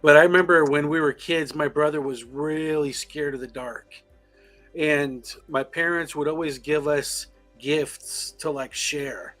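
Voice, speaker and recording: Man, higher voice, casual chat, playful, swears. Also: steady tone, a little slow, fairly bright tone, faint music behind. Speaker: podcast co-host. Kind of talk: casual storytelling.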